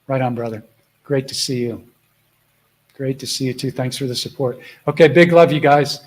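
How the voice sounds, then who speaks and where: Broadcasting from his home, a middle-aged man leads a relaxed live spiritual Q&A, rambling fondly with viewers and talking softly to his dog now and then. His pitch is medium and his pace moderate, captured on a low-quality recording.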